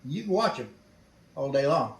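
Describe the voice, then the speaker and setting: A man's voice: mid-range voice, big pitch swings, normal speed, far from the mic. Blunt older man telling war stories. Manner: blunt, salty, chuckling storyteller. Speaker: veteran interviewee. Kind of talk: storytelling interview. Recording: roomy sound from off mic.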